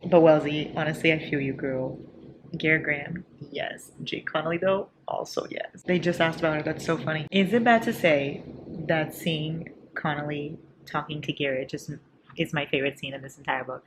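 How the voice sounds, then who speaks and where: A woman's voice: low-pitched, steady tone, moderate pace. A sleep-deprived woman chatting about a book she's reading, casual and profane, laughing often. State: sleep-deprived, a little delirious. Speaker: book vlogger. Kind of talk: casual reading-reaction vlog. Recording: audible background noise.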